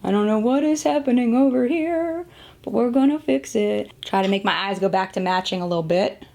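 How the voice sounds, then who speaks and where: A woman's voice: on the high side, animated, brisk, gravelly, a little mellow. A woman in her thirties reviewing makeup in a casual, chatty way, often laughing at herself, talking to the camera at home. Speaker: beauty vlogger.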